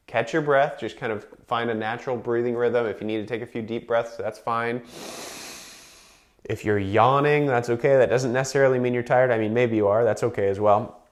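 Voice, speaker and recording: A man leading a chair yoga breathing class, counting breaths slowly and calmly and explaining each exercise. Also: medium pitch. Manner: slow, calm counting with explanations.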